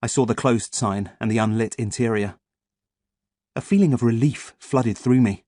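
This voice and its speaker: A man reading an audiobook as first-person scripted narration, in a lively, expressive way. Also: medium pitch, normal speed, dry recording, clean studio sound.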